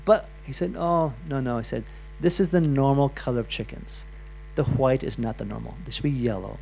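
A man's voice: mid-range voice, brisk, vocal fry, warm tone, a little hiss or hum. A middle-aged man giving a loose, chatty health talk to a live audience, full of restarts and asides. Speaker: health speaker.

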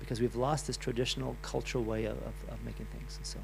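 Chatty man with a gravelly voice. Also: mid-range voice, fairly even intonation, quick pace, background noise. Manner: loose, chatty, with restarts and asides. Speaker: health speaker. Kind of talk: live talk to an audience.

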